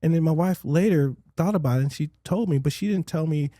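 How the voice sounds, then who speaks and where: Male podcast guest, mellow warm tone, rambling storyteller who acts out quotes, dry studio sound. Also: a little high, quick pace, no room sound. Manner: rambling storyteller, many fillers and restarts, animated quotes. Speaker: guest, business owner. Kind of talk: casual interview chat.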